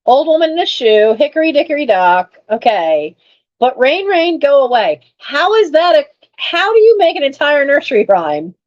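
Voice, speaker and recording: A very animated woman whose voice sits high unboxes her collectible finds for a live online sale, chatting casually at a normal speed and exclaiming along the way. The audio sounds dull.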